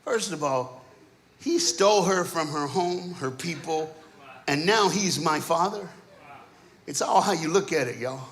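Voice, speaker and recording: A man preaching a sermon in a church, telling stories dramatically and acting out the characters, swinging between shouting and hushed asides. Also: fairly high pitch, lively intonation, unhurried. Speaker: guest preacher. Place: church auditorium. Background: keyboard music.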